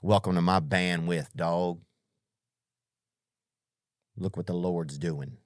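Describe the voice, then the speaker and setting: A man's voice: low voice, fairly even intonation, slow, dry recording, clean studio sound. A man voicing God as a laid-back, slang-talking male spirit in a storybook-style aside. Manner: slangy, casual.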